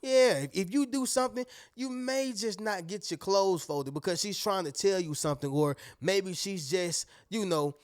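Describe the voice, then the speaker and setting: A man, hosting a casual motivational talk, animated and repeating his points, often checking in with "right?". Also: high-pitched, moderate pace, few pauses. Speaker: host.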